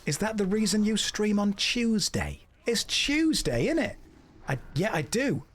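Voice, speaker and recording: A man's voice: high voice, sing-song, measured pace. A man chatting casually and joking dryly as he plays a game and answers his chat. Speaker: streamer. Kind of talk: casual chat while gaming.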